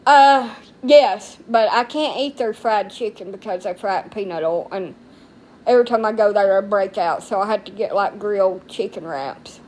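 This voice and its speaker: A woman's voice: medium pitch, moderate pace, a little mellow. A middle-aged woman chatting casually on a live stream, rambling and crude-mouthed.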